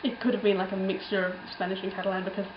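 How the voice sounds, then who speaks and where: A woman's voice: mid-range voice, level tone, rapid-fire, roomy sound, muffled recording, background noise. A young woman telling a travel story in a casual, rambling way, full of ums and little laughs. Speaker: travel vlogger.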